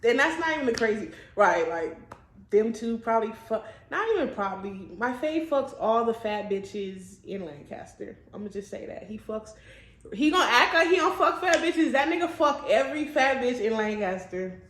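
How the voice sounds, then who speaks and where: A woman's voice: a little high, animated, normal speed, a bit bright. Blunt, profane young woman telling a story. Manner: blunt, profane, laughs often. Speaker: vlogger. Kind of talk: casual storytime. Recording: echoey room.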